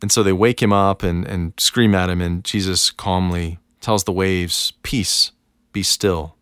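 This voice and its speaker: A man co-hosting a devotional podcast, talking in a calm, reflective, unhurried way. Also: deep voice, clear, resonant tone, no room sound, clean studio sound. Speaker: podcast co-host.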